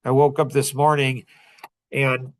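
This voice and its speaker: A man hosting a casual group chat, telling animated stories, his voice jumping high when he gets excited. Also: measured pace. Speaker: host.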